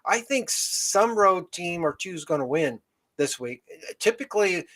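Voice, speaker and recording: A man hosting a casual sports talk show, giving measured opinions and thinking aloud. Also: sits high, lively intonation, a bit bright. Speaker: podcast host.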